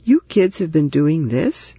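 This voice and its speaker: A man's voice: fairly high pitch, sing-song, a little slow, warm tone, breathy edge, no room sound, muffled recording, full character voice. A man voicing a weary, bewildered father in a storybook reading. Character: tired, bewildered short father.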